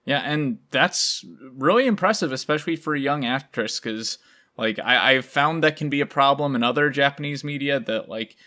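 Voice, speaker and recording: A man's voice: medium pitch, moderate pace, pushed and bright. An American man hosting a podcast in casual chat, rambling with lots of filler words. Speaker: podcast host.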